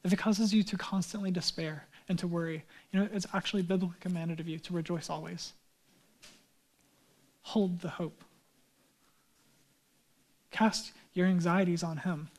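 A man's voice: sits high, fairly even intonation, normal speed, long pauses. A man in his thirties, a pastor preaching a sermon in an earnest, conversational way, pleading with his listeners.

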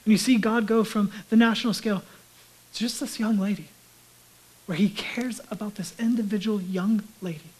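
A man giving a sermon as a pastor, talking conversationally and dropping to a hushed whisper for emphasis. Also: high-pitched, fairly even intonation, moderate pace, breathy edge, rough recording.

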